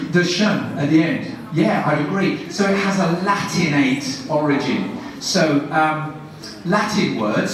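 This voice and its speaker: Guy teaching a room, quizzing and praising fast, bit high voice, echoey hall, mic far off. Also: a little hiss or hum. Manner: brisk questioning with quick praise. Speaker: guest lecturer and teacher trainer. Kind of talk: demonstrating classroom teaching to an audience. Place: university lecture room.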